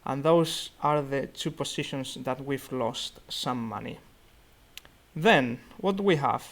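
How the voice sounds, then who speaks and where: Young male student leading an online fund meeting; unhurried, hesitant, thinks aloud. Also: mid-range voice, vocal fry, fairly bright tone. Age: young adult. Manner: halting, thinking aloud with many fillers. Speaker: student investment society organiser. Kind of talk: virtual meeting portfolio review. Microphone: computer mic on a video call.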